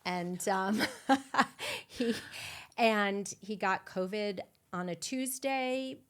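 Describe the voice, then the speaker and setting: A middle-aged woman hosting a podcast, telling a raw, emotional personal story with blunt swearing and dark humor. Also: medium pitch, slow pace, clean tone. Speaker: podcast host. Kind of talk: candid conversational storytelling.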